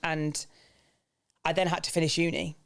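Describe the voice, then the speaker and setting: A man's voice: level tone, normal speed, clear, resonant tone. A young man in his twenties from England, talking openly and reflectively as a podcast guest. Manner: open, reflective, speaks of grief in a low earnest tone. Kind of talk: candid personal podcast talk.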